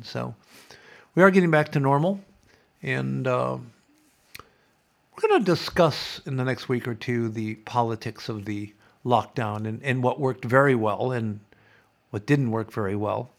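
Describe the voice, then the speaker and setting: Gravelly-voiced man hosting a podcast. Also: medium pitch, unhurried. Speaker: podcast host. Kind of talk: casual podcast chat.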